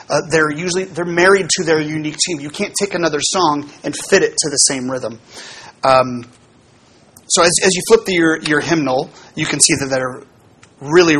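A man, a pastor, giving a relaxed teaching talk to his congregation about how hymns are built, explaining with fillers and small asides. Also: a little high, a little hiss or hum.

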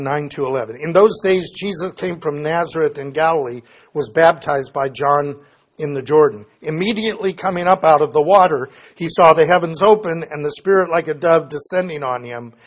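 A man teaching a Bible study lesson, reading scripture passages aloud and explaining them plainly, often correcting himself as he goes. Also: a little high.

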